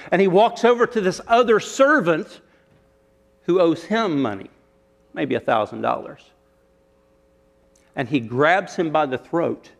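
Man, pastor, sermon, storytelling, rhetorical questions, fairly high voice.

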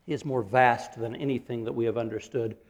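A man preaching a sermon as pastor, animated, acting out quotes and laughing often. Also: mid-range voice, a little fast. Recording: long hall reverb.

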